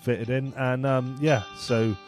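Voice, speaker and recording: A man's voice: medium pitch, flat delivery, slow pace, darkish tone, soft background music. A man co-hosting a podcast, easygoing and agreeable, chuckling as he tells anecdotes. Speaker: podcast co-host. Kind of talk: casual chat.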